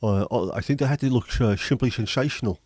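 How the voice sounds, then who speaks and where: A man's voice: medium pitch, brisk, darkish tone, no room sound. A man hosting a livestream, chatting casually, joking and swearing as he reads viewer comments. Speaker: livestream host.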